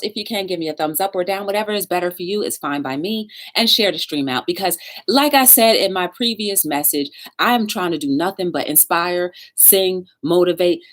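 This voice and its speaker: A woman hosting a talk show, telling a story in a casual livestream chat and talking straight to her viewers. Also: fairly low pitch. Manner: chatty, animated, talks straight to viewers.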